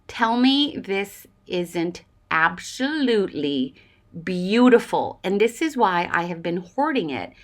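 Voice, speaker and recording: A woman in her forties chats through a casual craft vlog, gushing with thanks and laughing often. Her voice sits at a middle pitch and swings widely up and down as she talks. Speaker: junk journaling crafter. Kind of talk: casual craft vlog, opening happy mail.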